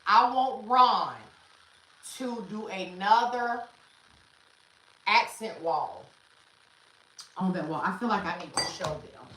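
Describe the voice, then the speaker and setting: A woman's voice: medium pitch, slow pace, long pauses. A woman hosting a casual livestream from her family room, talking straight to viewers on a phone camera she carries around the room. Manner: animated, chatty, talks straight to viewers. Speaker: livestream host. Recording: echoey room with some noise.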